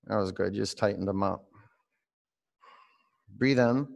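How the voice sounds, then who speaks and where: Gravelly-voiced male yoga teacher. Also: fairly low pitch, a little slow. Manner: calm, meditative coaching with direct instructions; calls out students by name. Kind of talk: guided online yoga class.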